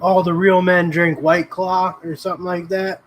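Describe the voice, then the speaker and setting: A man's voice: high-pitched, flat delivery, moderate pace, low-quality recording. A man hosting a casual livestream, chatting in a laid-back, rambling way and greeting viewers by name. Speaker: livestream host. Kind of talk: casual livestream chat reading comments.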